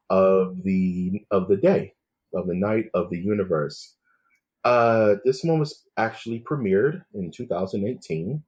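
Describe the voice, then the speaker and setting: A laid-back man hosts a podcast with a husky, somewhat low voice. He keeps things loose and jokey, peppering his casual chat with "man" and "dude". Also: darkish tone. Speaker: podcast host.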